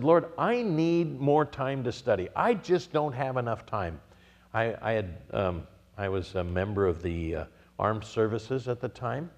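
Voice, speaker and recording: A man's voice: lowish voice, a little mellow, in a large hall. A middle-aged American man preaching a sermon, telling stories and acting out quotes, rising to emphatic peaks. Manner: storytelling with acted-out quotes, building to emphatic peaks. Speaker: pastor.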